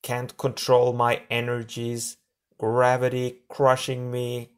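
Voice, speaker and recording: A man voicing crazed, overloaded monster creatures in an audiobook, drawn-out and strained. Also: medium pitch, completely flat delivery, smooth, close to an everyday voice.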